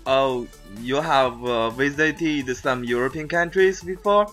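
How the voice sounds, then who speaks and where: A man who speaks Chinese natively, hosting an interview podcast in careful, halting English. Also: medium pitch, a bit bright, faint music behind. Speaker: podcast host.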